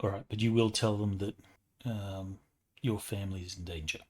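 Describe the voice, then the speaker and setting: A soft-spoken man running a tabletop game as game master, pausing with fillers. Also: on the low side, fairly even intonation.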